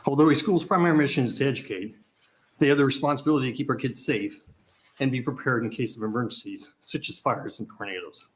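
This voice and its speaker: A man reading formal testimony at a legislative committee hearing, audibly out of breath and clearing his throat between passages. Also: medium pitch, poor audio. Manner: reads prepared remarks, pauses to clear throat. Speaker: advocacy testifier.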